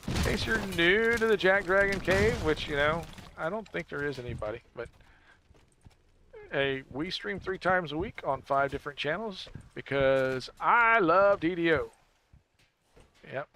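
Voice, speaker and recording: A man's voice: on the high side, normal speed, sharp tone, slight background noise. A man streaming a game from his computer, chatting in a rambling, jokey way and laughing at his own puns. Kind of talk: casual chat while playing a game.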